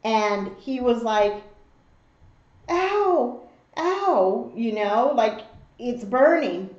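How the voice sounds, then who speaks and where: A woman's voice: fairly high pitch, slow. A woman hosting an eating show and telling a story, acting out the voices of the people in it. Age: adult mother. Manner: animated storyteller who acts out the voices in her story. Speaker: mukbang host. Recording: roomy, slightly dull home recording.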